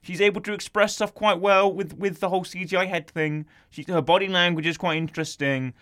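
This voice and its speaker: Man, casual film chat, slightly higher voice, jokey, animated. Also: brisk. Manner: animated, jokey, acts out scenes. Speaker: film reviewer.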